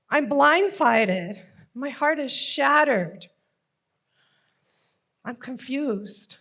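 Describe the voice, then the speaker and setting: A middle-aged woman telling a personal story on stage, slow and deliberate with emotional emphasis. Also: high voice, animated, gravelly, bright, forceful tone.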